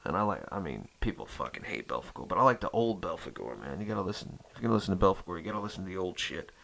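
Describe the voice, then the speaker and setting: A man's voice: sits low, animated, racing, vocal fry, fairly bright tone, a little hiss or hum. A man hosting his metal music channel in a rambling casual chat, cursing constantly and full of fillers.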